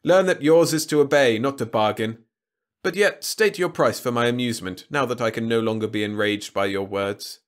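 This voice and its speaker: A man's voice: medium pitch, normal speed, close to an everyday voice. A man voicing a grandiose, contemptuous ancient alien weapon in a storybook reading, speaking with lofty, pompous declamation. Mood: haughty.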